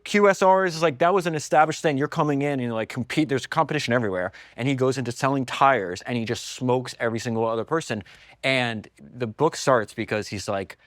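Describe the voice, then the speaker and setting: Man, podcast host, mid pitch, fast, enthusiastic storyteller, dry sound. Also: a bit bright, dry recording. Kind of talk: casual conversational interview.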